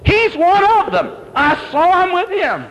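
A male preacher voicing a little servant girl with a squeaky, high-pitched voice as she accuses someone. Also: expressive, unhurried, lo-fi sound, slight background noise, heavily acted. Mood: accusing.

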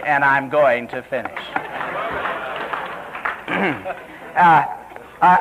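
A man preaching a sermon, telling a story in an animated way and acting out the voices he quotes. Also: a little hiss or hum, rough recording. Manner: animated, acts out quoted voices with sharp pitch jumps.

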